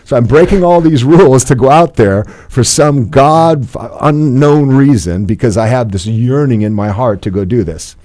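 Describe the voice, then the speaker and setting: A man in his fifties telling a personal story as a podcast guest, playful and animated, laughing often. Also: medium pitch, normal speed, few pauses, no room sound. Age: 50s.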